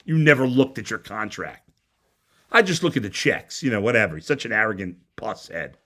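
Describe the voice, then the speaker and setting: A man's voice: on the low side, expressive, brisk, sharp tone. A man hosting a sports talk show, ranting bluntly and heatedly with frequent stumbling restarts. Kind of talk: opinionated sports radio rant.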